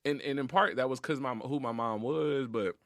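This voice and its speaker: Podcast guest: a man of middling pitch, reflective, slangy and openly emotional, on a dry studio mic. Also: moderate pace, a bit bright, no room sound. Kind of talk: casual heartfelt conversation.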